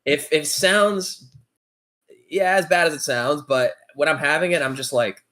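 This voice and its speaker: A man's voice: fairly high pitch, moderate pace, bright, forceful tone. A man co-hosting a podcast, telling a story in a laid-back, casual way with plenty of swearing. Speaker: podcast co-host. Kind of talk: casual chat.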